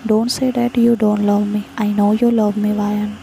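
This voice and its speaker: Woman reading as a heartbroken young man, fan fiction story reading, flat even tone, mellow voice, faint hiss behind. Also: mid-range voice, normal speed, vocal fry, natural voice, poor audio. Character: young man, heartbroken then determined lover.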